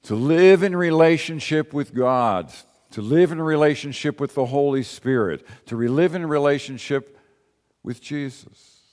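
A man's voice: a little high, measured pace, darkish tone. A man preaching a sermon in a conversational way, repeating key phrases and asking rhetorical questions. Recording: long reverb of a large hall.

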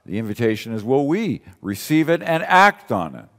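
A man's voice: mid-range voice, very animated, normal speed. A man preaching a sermon in a conversational way, repeating key phrases and asking rhetorical questions. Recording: long reverb of a large hall.

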